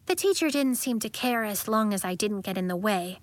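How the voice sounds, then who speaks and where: A woman's voice: medium pitch, expressive, a little fast, no room sound, natural voice. A woman reading the lines of a chatty schoolgirl who tells stories with gusto. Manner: chatty, giggly storyteller. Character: chatty schoolgirl who makes things big.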